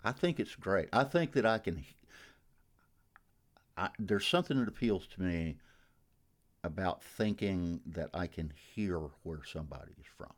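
A man's voice: low-pitched, animated, measured pace, long pauses. A middle-aged man from the North Georgia mountains with a Southern Appalachian accent, chatting as a radio guest and rambling with many restarts. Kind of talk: casual interview.

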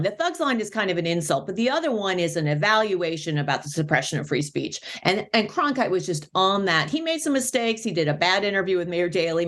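A woman, an author and professor, explaining history in an animated way during a radio interview. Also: mid-range voice. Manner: animated, explains with many asides.

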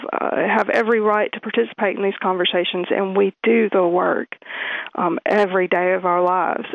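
A woman's voice: mid-range voice, vocal fry, no room sound. A woman with a Southern twang, a sustainability worker talking earnestly in an interview, with fillers as she goes. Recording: tinny phone line.

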